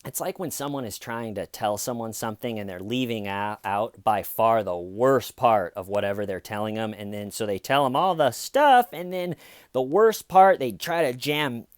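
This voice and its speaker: A man recounts a crime story with a mocking edge, drifting into offhand asides. His voice is smooth and clear, and the recording is dry and close. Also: mid-range voice, moderate pace, no echo. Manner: sarcastic, loose, rambling asides. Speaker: comedic true crime commentator. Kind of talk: comedic storytelling commentary.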